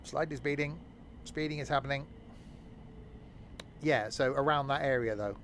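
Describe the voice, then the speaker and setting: A man's voice: medium pitch, moderate pace, a bit bright, a little hiss or hum. A young man chatting casually as he streams a game, joking and narrating what he does. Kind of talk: casual gameplay commentary.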